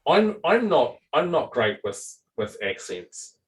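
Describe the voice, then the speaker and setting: A man chatting casually as a dungeon master, rambling and animated, with frequent restarts and swearing. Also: a little high, slow, far from the mic, poor audio. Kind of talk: casual chat.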